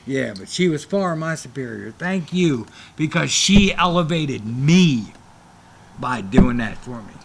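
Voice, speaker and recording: A man's voice: mid-range voice, a little slow, creaky. A middle-aged man, a former wrestler, telling stories in a casual interview and acting out the other people's lines as he goes. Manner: animated storyteller who acts out other people's lines.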